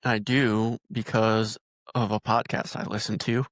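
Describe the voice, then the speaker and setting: Host: low-voiced Iowa man, ribbing tone, dry close sound. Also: flat delivery, a little slow, fairly bright tone, dry recording. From northern Iowa. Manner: teasing, joking. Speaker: podcast host. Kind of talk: casual interview chat.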